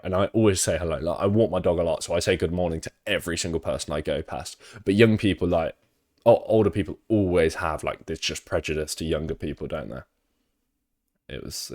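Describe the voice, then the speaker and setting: A man's voice: low-pitched, a little mellow. A young man with a British accent, chatting casually on stream, rambling through sweary anecdotes.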